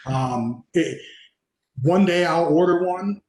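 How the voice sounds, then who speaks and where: A man who makes pens speaking modestly and haltingly on a video call panel. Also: fairly high pitch, darkish tone, slight background noise. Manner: modest, halting, with many restarts. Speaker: penmaker panelist. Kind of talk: casual panel discussion. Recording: echoey room.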